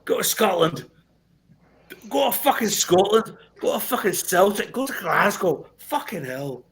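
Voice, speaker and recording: A man with a northwest English accent, swearing and rambling loudly in casual chat on a video call. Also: sits high, big pitch swings, unhurried. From northwest England. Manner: sweary, rambling, boisterous ranting.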